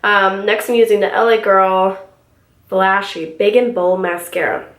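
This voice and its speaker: In a roomy home recording, a young beauty vlogger from California, US, does her makeup and chats casually in get-ready-with-me fashion. She tells a story with lots of filler, speaking a little slowly in a mid-range voice with fairly even intonation.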